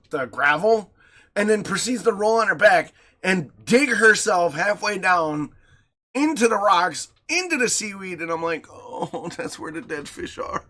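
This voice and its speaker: Brief: male podcast co-host, bright voice, lively swings in pitch, loose casual chat. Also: normal speed. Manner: animated storyteller, crude, laughs often. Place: home studio.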